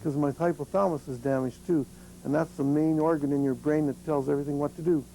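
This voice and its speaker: Gravelly man telling his story. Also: a little high, quick pace, slight background noise, rough recording. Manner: animated storyteller, salty, laughs often. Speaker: accident survivor speaking to students. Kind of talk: personal story told to a group.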